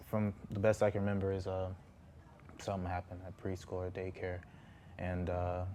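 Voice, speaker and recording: A young man around twenty talks as a guest on a studio talk show, halting and full of fillers. His voice sits very low, flat and dark, with a faint hum of room ambience behind him. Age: about 20. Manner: hesitant, halting, many fillers and restarts. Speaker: guest, former Marine.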